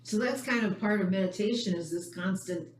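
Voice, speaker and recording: A participant in a library meditation class who asks questions in a slow, thoughtful, tentative way. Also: medium pitch, crowd noise. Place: library meeting room. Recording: echoey room, distant mic, background noise.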